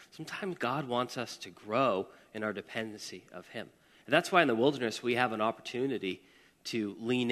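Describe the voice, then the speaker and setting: A man preaching in a relaxed, conversational way, mid-pitched and easygoing. He talks to the congregation directly and drops in casual asides. His voice carries a long reverb from a church hall. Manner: casual and chatty, with asides and audience questions. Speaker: pastor. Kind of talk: conversational sermon.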